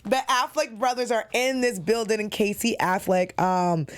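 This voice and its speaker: A woman's voice: mid-range voice, normal speed, smooth. A woman hosting a TV recap show in a casual, chatty and enthusiastic way, with frequent fillers. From New York.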